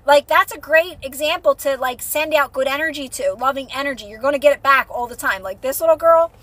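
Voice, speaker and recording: A woman's voice: sits high, fairly quick, fairly bright tone, no echo. A young adult woman hosting a casual livestream chat on a phone mic, talking to viewers in a chatty, reassuring way with many fillers and repeats. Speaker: livestream host, manifestation coach.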